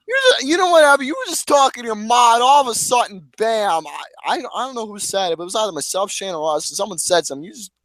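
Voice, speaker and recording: A man co-hosting a casual chat, teasing his friend over photos with loud laughs and crude jokes. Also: high voice, animated, fast, no echo. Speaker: podcast co-host. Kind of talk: casual banter reacting to photos.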